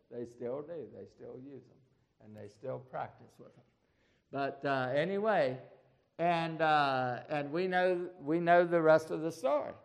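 A man's voice: on the high side, gravelly. A man preaching a storytelling sermon in a folksy way, often repeating words and restarting.

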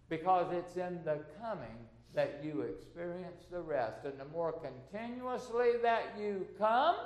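An older man preaching a sermon to a congregation, earnest and unhurried, working through numbered points and asking the listeners questions. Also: high voice, echoey room.

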